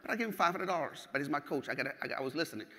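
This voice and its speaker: Man, keynote speaker, animated storytelling, bright forceful voice, long hall reverb. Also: on the high side, very fast. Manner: animated and profane, acts out scenes. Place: large hall.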